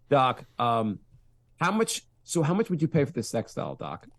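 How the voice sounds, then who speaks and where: A man's voice: mid-range voice, huge pitch swings, slow, no echo. A man co-hosting a podcast, joking around in casual banter and acting out quoted voices. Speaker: podcast co-host.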